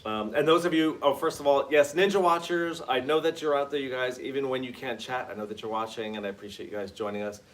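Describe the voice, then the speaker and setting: A man's voice: mid-range voice, fast, few pauses. A man hosting a casual livestream from a garage, greeting viewers by name in an upbeat way. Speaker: livestream host.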